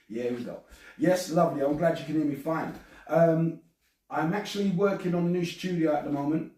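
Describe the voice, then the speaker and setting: A man's voice: fairly high pitch, brisk, mellow, heavy reverb, recorded from a distance, low-quality recording. A man from England, chatting alone on a live stream and reading out comments, rambling and stammering. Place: at home, alone.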